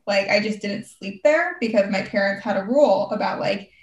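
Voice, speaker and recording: A woman's voice: mid-range voice, moderate pace, lo-fi sound. Chatty young woman, roomy and distant. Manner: rambling, heavy use of "like". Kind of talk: casual chat.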